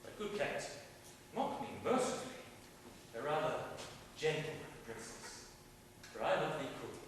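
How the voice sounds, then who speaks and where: A man's voice: a little high, very animated, moderate pace, a little hiss or hum. An actor playing a bluff, playful young English king wooing a French princess, in a teasing, declamatory classical stage delivery. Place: large indoor theater stage. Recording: distant stage sound in an echoing theater.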